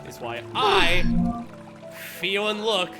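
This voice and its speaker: A man's voice: high-pitched, lively intonation, slow, pushed and bright, soft background music. A man streaming a horror game, chatting casually, rambling and swearing, often breaking into laughter. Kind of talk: casual let's-play chat.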